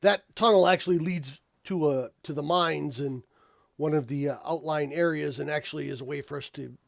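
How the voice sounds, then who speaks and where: Man playing a gnome clan leader, gravelly. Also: fairly high pitch, no room sound, clean studio sound. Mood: wary. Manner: hesitant, halting speech. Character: gruff male deep gnome clan leader.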